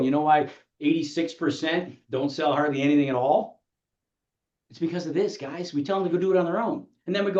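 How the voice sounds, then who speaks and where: A man's voice: a little high, a little mellow. A man coaching real estate agents in a motivational training talk, firing rhetorical questions at the audience and acting out clients. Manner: rapid-fire rhetorical questions, acts out clients. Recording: echoey, dull room sound.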